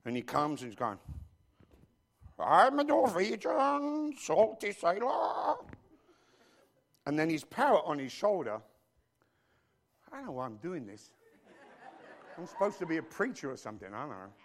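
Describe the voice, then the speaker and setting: A man preaching a sermon as pastor, animated and joking, with frequent asides to his congregation. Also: on the high side, a little fast, pauses often.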